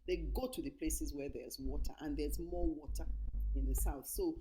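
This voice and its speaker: A woman's voice: sits low, normal speed, mellow, a little hiss or hum, rough recording. A middle-aged woman from Nigeria gives an emphatic conference talk over slides, repeating her key points. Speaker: conference speaker.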